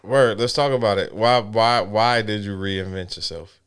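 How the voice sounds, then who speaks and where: A laid-back man co-hosting a casual podcast chat. He asks curious questions in a lowish voice that sounds smooth and resonant. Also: normal speed, fairly bright tone. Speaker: podcast co-host.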